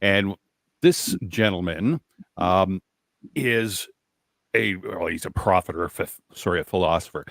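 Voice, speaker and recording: A man co-hosting a talk radio show, introducing a news item in a halting, self-correcting way. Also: low-pitched, a bit bright, no room sound, studio quality. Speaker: radio co-host.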